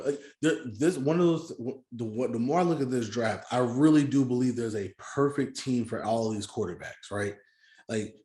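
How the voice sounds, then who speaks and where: Man talking football in an echoey room. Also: mid-range voice. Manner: argumentative, repeats himself. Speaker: podcast co-host. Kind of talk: casual sports chat.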